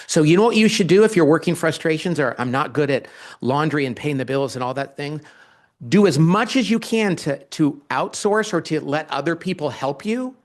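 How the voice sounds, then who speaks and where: Animated man telling stories. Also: a little high, moderate pace. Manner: animated storytelling, acts out quoted dialogue. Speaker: guest author. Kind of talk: conversational interview.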